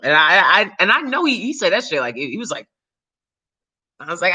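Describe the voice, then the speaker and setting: A woman YouTuber and actor chatting casually to her viewers, animated and swearing freely, breaking into loud shrieks and laughs. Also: sits low, fast. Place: New York City.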